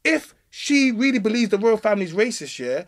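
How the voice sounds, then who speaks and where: A man's voice: high voice, big pitch swings, a little fast. A man, arguing hard and cutting in during a podcast debate. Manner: argumentative, interrupting, repeats himself. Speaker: podcast co-host. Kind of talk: heated debate.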